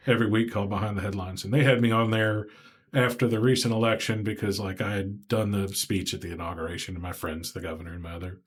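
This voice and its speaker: Fast-talking Southern man hosting a podcast. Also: lowish voice, husky. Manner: rambling, animated, acts out quoted voices. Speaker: podcast host. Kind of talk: casual interview chat.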